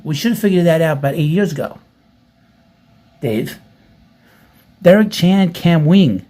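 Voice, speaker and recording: A man's voice: fairly high pitch, lively intonation, a little slow, long pauses, dark tone. A man hosting casual commentary, reading out comments with blunt, profane sarcasm and rambling asides. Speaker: commentary host.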